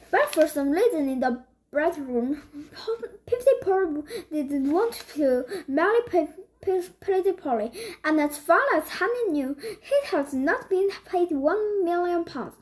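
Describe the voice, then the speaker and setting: A woman's voice: extremely high pitch, animated, unhurried, a little mellow. A woman who is a native Korean speaker, reading a children's book aloud in English and often stumbling and restarting words. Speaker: reader.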